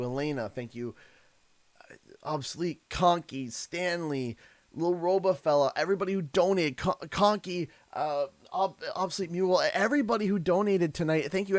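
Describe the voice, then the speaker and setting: A man's voice: high-pitched, no echo. A man from Canada chatting on a live stream, emotional and effusive, often stammering and repeating himself. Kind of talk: casual live-stream chat.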